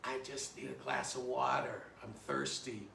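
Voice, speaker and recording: A man's voice: mid-range voice, steady tone, unhurried, vocal fry, sharp tone, a little hiss or hum, exaggerated voice. A man telling a joke, voicing a thirsty man lost in the desert who pleads weakly. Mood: pleading. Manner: weak, pleading. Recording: roomy echo, mic at a distance.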